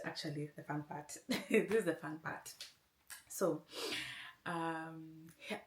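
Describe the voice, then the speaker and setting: A woman vlogger casually telling a long personal story, rambling and often saying "anyway". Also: sits low. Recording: roomy echo.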